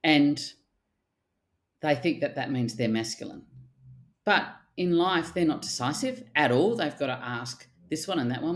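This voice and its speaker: A middle-aged woman, a therapist speaking in casual podcast chat, animated and blunt, with the odd swear word. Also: sits low, normal speed. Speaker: archetypal therapist guest.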